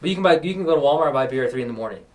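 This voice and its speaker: A man's voice: medium pitch, expressive, very fast, distant mic. A young man from New Mexico hosting a podcast, telling stories in casual chat and acting out the people in them. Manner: storytelling, acts out quoted people. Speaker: podcast host.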